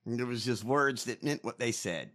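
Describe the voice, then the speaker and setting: A man's voice: medium pitch, lively intonation, normal speed, a bit bright. A man hosting a casual chat, brash, profane and mocking. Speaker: podcast host.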